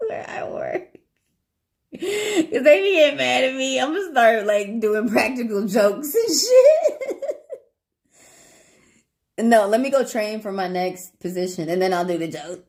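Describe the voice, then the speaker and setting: A woman's voice: on the high side, wildly swooping pitch, measured pace, long pauses, darkish tone. A woman with a Southern accent, chatting casually with viewers on a livestream as a tarot reader, talking freely, swearing and laughing often.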